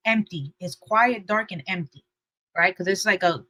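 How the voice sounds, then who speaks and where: Bright-voiced young woman telling a lively story. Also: normal speed, no echo, rough recording. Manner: lively, acts out quotes with shifting pitch and loudness. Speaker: podcast co-host. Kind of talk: animated storytelling chat.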